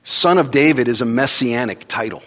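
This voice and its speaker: A man preaching a sermon in a conversational way, rising to loud urgent passages and dropping to quiet intimate ones. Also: mid-range voice, moderate pace.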